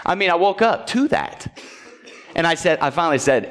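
A man with a somewhat high voice delivers a sermon in a church sanctuary. He talks to the congregation like friends, keeps asking if they're with him, and laughs lightly through his own stories. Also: animated, fairly quick, fairly bright tone. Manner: conversational, keeps checking in with the congregation; chuckles while telling stories. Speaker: pastor. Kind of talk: sermon with personal story.

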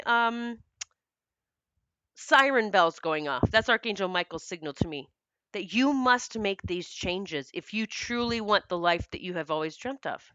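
A woman's voice: fairly high pitch, pushed and bright, no room sound, muffled recording. A woman hosting a casual spiritual monologue, earnest and rambling, laughing often and swearing casually. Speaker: spiritual podcast host.

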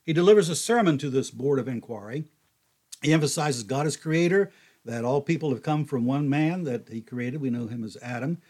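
An older man giving a folksy, conversational Bible teaching, animated when he quotes others. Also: medium pitch, fairly quick.

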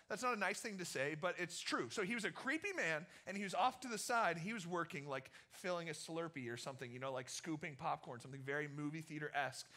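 A young man preaching as a youth pastor, telling a funny story in a casual, energetic way and acting out the voices in it. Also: high-pitched. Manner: energetic, animated, jokey, acts out quotes. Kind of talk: casual storytelling sermon to teens.

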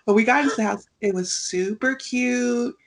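A young woman co-hosting a podcast in casual chat, telling stories with lively acted-out quotes and frequent laughter. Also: on the high side, normal speed. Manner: animated storyteller, acts out quotes, laughs often. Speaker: podcast co-host.

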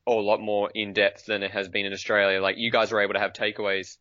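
A man's voice: on the low side, flat delivery, quick pace, bright, forceful tone, no echo, muffled recording. A man from New Zealand telling stories in a casual video-call chat, laughing often. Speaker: podcast guest.

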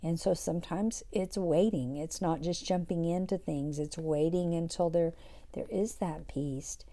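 A middle-aged woman hosting a devotional podcast, talking in a soft, reflective way and dropping to a whisper for scripture. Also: fairly low pitch, a little slow. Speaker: podcast host.

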